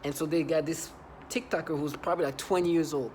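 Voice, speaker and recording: A man's voice: a little high, steady tone, fast, a little mellow, slight background noise. A man vlogging an angry monologue, agitated and repetitive, often stumbling and restarting his sentences.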